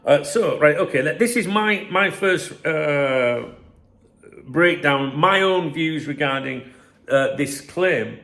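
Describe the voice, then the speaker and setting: Gravelly, sarcastic football host. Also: male voice, a little high, slow pace, a bit bright. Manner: sarcastic, rambling, mocking reads of press claims. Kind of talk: casual commentary to camera.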